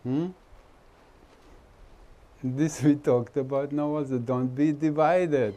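A man with an Indian accent speaks slowly and chattily to a gathering as their spiritual teacher. His voice is mellow and relaxed, and he teases his listeners and laughs often. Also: on the high side. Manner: chatty, teasing, laughs often, nonnative grammar. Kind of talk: informal spiritual talk to a gathering.

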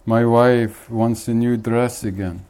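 A man's voice: mid-range voice, fairly even intonation, takes it slowly, darkish tone. A man voicing a desperate man who pleads and whimpers to God for help. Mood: pleading.

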